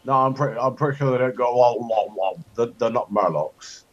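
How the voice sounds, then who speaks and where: A man chatting and joking while playing a strategy game, rambling, with sudden high-pitched outbursts. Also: quick pace, a bit bright. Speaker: co-host of a gaming chat show. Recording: dull lo-fi home recording.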